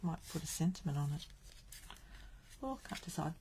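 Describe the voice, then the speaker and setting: A woman's voice: sits low, animated, a little fast, noisy background. A woman from Australia hosting a live card-making stream, chatting and thinking aloud as she works. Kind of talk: live crafting stream chat.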